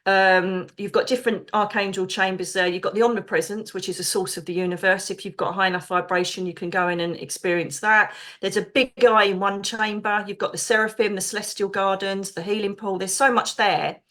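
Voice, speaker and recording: A middle-aged woman, a podcast guest, telling stories excitedly and chattily, acting out the voices of people she quotes. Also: mid-range voice, fairly quick, hardly any pauses. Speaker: podcast guest, psychic medium. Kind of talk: animated storytelling.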